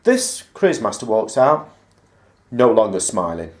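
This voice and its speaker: A man tells a rambling story from his past in a fairly low voice that swings widely in pitch. He acts out the remembered conversations as he goes. The sound is roomy, with a noticeable echo. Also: sing-song, moderate pace. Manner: rambling anecdote, acting out remembered dialogue. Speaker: vlogger. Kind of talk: casual personal storytelling.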